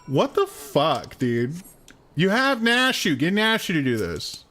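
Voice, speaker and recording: A man's voice: sits high, big pitch swings, slow pace, bright, forceful tone. A man streaming a game, making crude jokes and laughing as he plays. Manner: crude, joking, laughs often. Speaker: gaming streamer. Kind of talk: casual gameplay commentary.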